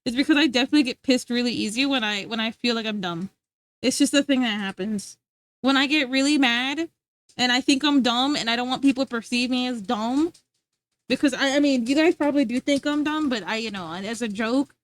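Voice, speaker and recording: A young American woman streaming live, chatting casually with viewers in an animated, rambling way and laughing often. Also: a little high, a little fast, dry recording. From United States. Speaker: livestreamer.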